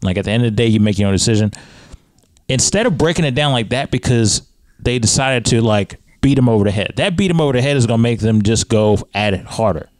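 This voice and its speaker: A man hosting a casual podcast conversation, leading with questions and pitching up when he presses a point. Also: expressive, quick pace, a little mellow, dry recording. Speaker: podcast host.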